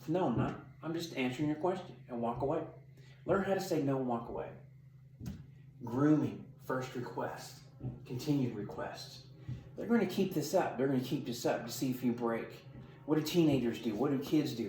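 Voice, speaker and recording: Warm and expressive, this mid-range male voice moves at a normal speed. A middle-aged corrections sergeant is giving tough-talking, blunt, emphatic training advice to camera, captured by a distant mic in a roomy space with a little hiss or hum.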